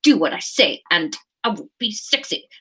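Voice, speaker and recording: A breathy, purring would-be seducer, as a woman puts him on, talking through pursed lips with mock flirtation. His comic crooning sits rather high for a man, sliding lazily over each word. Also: big pitch swings, normal speed, heavily acted, poor audio. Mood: flirty.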